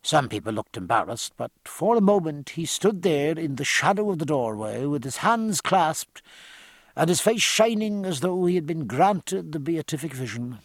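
Husky guy reading an audiobook, lively up-and-down delivery, dry close sound. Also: on the high side, moderate pace, no room sound. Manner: expressive, varied reading. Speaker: narrator. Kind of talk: audiobook narration.

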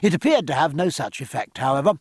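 A man reading a novel aloud as narrator, in a measured, expressive storytelling manner. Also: on the high side, husky, no room sound, clean studio sound. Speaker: audiobook narrator. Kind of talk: scripted narration.

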